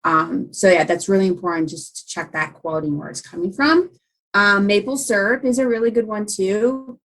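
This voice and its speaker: A woman with a South Central Pennsylvania accent talks as a podcast guest. She explains things in a friendly, practical way, and her voice sits in a middle pitch. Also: moderate pace, fairly bright tone, low-quality recording. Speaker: podcast guest, nutrition coach. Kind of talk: casual podcast chat.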